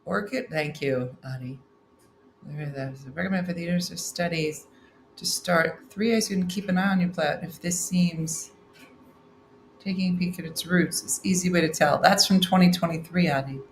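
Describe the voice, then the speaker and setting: A middle-aged woman with a slightly low voice hosts a chatty morning stream, tossing off wry asides as she reads comments. She sounds like she's in a roomy space with a clear echo. A faint hum of room noise sits underneath. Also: moderate pace. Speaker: morning show host reading viewer comments. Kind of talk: casual live-stream chat. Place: room at home.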